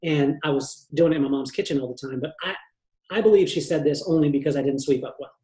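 A man from California, a hairdresser, telling lively joking stories about his family as a podcast guest. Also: on the high side, fast, roomy sound, poor audio. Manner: animated, joking, acts out family members' voices. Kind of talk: storytelling in a podcast interview.

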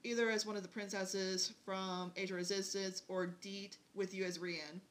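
A woman guest on a podcast, chatty and bubbly, who says herself that once she starts talking it is hard to stop. Her voice sits at a mid pitch. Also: level tone, normal speed. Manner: chatty, bubbly, talks a lot. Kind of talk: casual chat.

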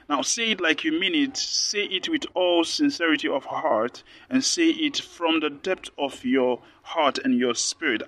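A man's voice: on the high side, unhurried, few pauses, fairly bright tone. A man from Nigeria preaching a sermon, earnest and repeating phrases for emphasis. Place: Lome, Togo.

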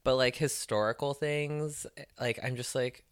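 A woman co-hosting a podcast, a stand-up comedian chatting casually and telling animated stories. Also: rumbling low, measured pace, clean tone, no room sound, clean studio sound. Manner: chatty, animated storytelling with voiced asides. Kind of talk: casual chat.

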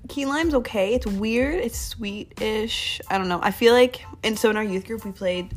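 A woman's voice: on the high side, moderate pace. Rambling young woman hosting a chatty podcast. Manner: rambling, chatty, self-interrupting. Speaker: podcast host. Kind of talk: casual Christian podcast talk.

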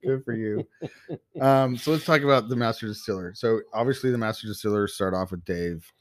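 Man, low pitch, dry close recording, casual chat, easygoing. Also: no echo. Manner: easygoing, chatty, quick to agree. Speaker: podcast co-host.

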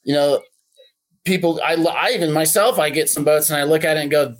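A man's voice: fairly high pitch, steady tone, brisk. A man who runs a boat detailing shop, speaking in a casual podcast interview in a friendly, practical way with plenty of fillers.

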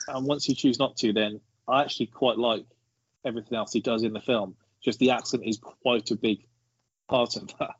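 A man's voice: mid-range voice, fairly even intonation, moderate pace, husky, no echo, muffled recording. A man casually discussing a film on a podcast, explaining his views at length.

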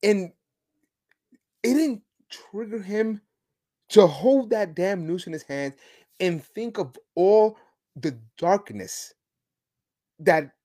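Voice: medium pitch, warm tone. A podcast host delivering opinionated solo commentary in a sarcastic, mocking way, with emphatic outbursts. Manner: sarcastic, mocking, chuckling asides.

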